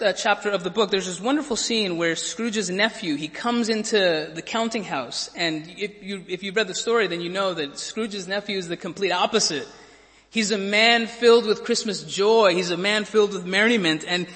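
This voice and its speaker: A man's voice: sits high, moderate pace, fairly bright tone, long reverb tail. A man preaching a sermon as pastor, telling a story vividly and repeating words as he builds his points.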